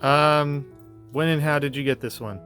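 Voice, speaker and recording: A man's voice: a little high, moderate pace, a bit bright, soft background music. A man chatting casually from behind the camera, dry and teasing. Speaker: cameraman and co-host. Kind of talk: casual chat.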